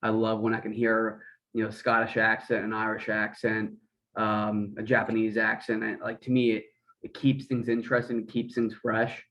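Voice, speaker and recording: Flat-toned American man interviewing. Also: lowish voice, moderate pace, rough recording. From Pennsylvania, United States. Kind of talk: casual interview chat.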